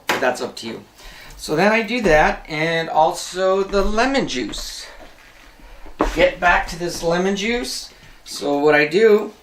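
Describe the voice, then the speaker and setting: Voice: medium pitch, fairly bright tone, recorded from a distance, a little hiss or hum. Chatty home cook in a roomy kitchen. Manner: chatty, rambling, self-correcting. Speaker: cooking show host. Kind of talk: casual cooking demonstration.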